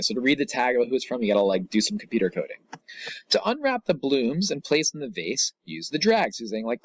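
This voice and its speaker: A man explains a poem to his students in a relaxed, chatty way, full of asides and small jokes. His voice sits in an ordinary middle range and is recorded close and dry, with no room sound at all. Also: mid-range voice, dry recording, dull audio. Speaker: teacher. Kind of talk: recorded classroom lesson.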